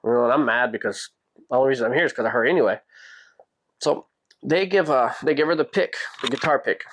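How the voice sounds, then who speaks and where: A man hosting a podcast tells a personal story in a casual, animated way, with vocal fry in his voice. He jumps his pitch up whenever he quotes people.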